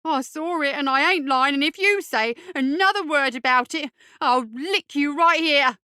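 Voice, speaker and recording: A woman's voice: high-pitched, sharp tone, no echo, studio quality, voice pushed up. A woman voicing a bigger street urchin boy, hot-tempered and bashful, insisting in slangy speech. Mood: stubborn. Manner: stubborn, indignant, slow insistent slang.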